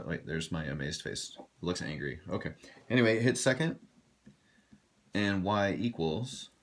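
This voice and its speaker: Easygoing man teaching a math lesson. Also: lowish voice. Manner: step-by-step, casual and encouraging, talking to students. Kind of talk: classroom lesson walkthrough.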